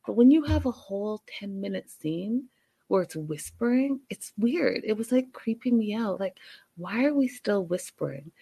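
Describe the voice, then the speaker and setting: A woman casually recapping a reality show episode, chatty and animated, with sarcastic asides. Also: on the high side, normal speed.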